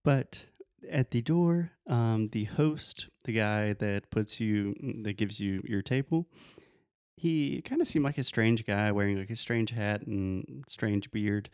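A woman, co-hosting a casual podcast and telling travel stories in a relaxed way. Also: rumbling low, slow pace, clear, resonant tone, no echo, clean studio sound. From Brazil. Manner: relaxed storytelling, explains terms. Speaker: podcast co-host. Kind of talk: casual chat.

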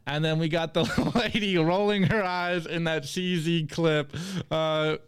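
A man co-hosting a casual podcast, upbeat as he reads out memes and gives shout-outs. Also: on the high side, fairly even intonation, measured pace, smooth, no room sound. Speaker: co-host presenting the meme segment.

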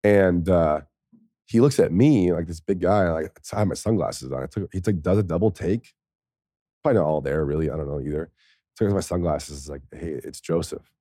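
A former pro football player tells a story casually, rambling and swearing and laughing often. His voice is low and dark, his pace brisk, with clean studio quality and no room sound.

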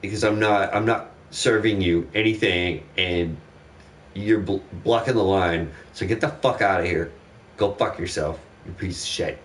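A young man in casual chat, telling a profane, animated story about a rude customer. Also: deep voice, normal speed, far from the mic, slight background noise.

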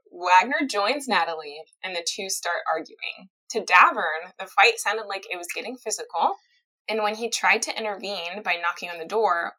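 Woman podcast host, bright tone, chatty true-crime storyteller. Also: lowish voice, rough recording. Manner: chatty, reads quotes aloud, laughs easily. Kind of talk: casual storytelling chat.

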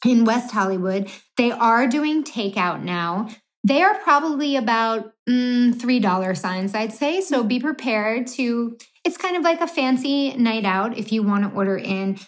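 A woman co-hosting a casual podcast, giggly, reading a recipe aloud in a put-on low sultry voice. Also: lively intonation, measured pace. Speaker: podcast co-host. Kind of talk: casual chat.

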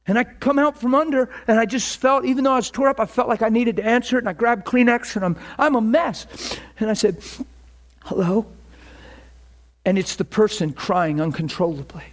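In a storytelling sermon, a middle-aged man preaches at a normal speed, animatedly acting out both sides of phone calls. His pitch rises as he plays each caller.

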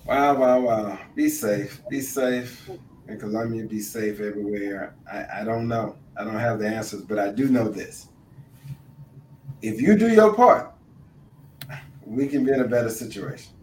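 A middle-aged man co-hosting a casual chat, animated and repeating phrases for emphasis. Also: lowish voice, a little slow, roomy sound, recorded from a distance, a little hiss or hum, rough recording. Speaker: co-host.

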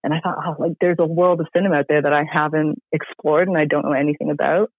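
A man's voice: a little high, fairly even intonation, quick pace, husky, no echo. A man reviewing a film in casual podcast chat, enthusiastic and rambling with many fillers. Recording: tinny phone-like line.

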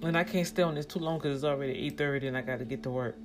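A woman's voice: deep voice, rapid-fire, music in the background. A woman vlogger in casual commentary, rambling as she thinks things through aloud and speaking straight to her viewers, growing emphatic when riled up.

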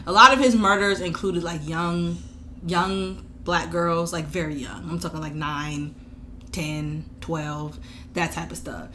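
A woman's voice: fairly low pitch, takes it slowly, sharp tone, a little hiss or hum. A woman co-hosting a true crime podcast, retelling a case in loose, slangy, casual chat and laughing often.

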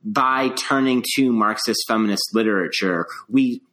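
A man's voice: lowish voice, normal speed, fairly bright tone. A man co-hosting an academic podcast, thinking aloud with many restarts and a habit of asking "right?". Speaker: podcast co-host. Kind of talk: casual academic discussion.

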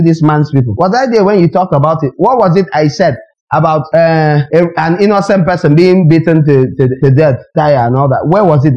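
A man's voice: a little high, mellow, poor audio. A man preaching a sermon as a pastor, emphatic and questioning his congregation directly.

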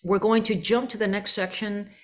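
An energetic woman leads a band rehearsal, breaking off to scat and sing the rhythms she wants. Her talk is lively coaching in a school rehearsal room. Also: medium pitch, normal speed. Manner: energetic, scats and sings rhythms to demonstrate. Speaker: band clinician. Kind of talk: rehearsal coaching with sung examples.

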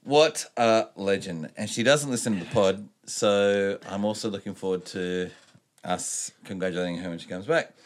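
A man co-hosting a podcast, talking in crude, rambling banter and reading sports news haltingly. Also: on the low side. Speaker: podcast co-host. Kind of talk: casual sweary podcast banter.

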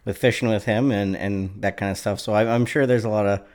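A man's voice: on the low side, fairly even intonation, fairly quick, a little mellow. A man hosting an interview, asking loose, rambling questions. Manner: brief agreeable backchannel, loose rambling questions. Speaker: host. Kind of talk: casual interview chat.

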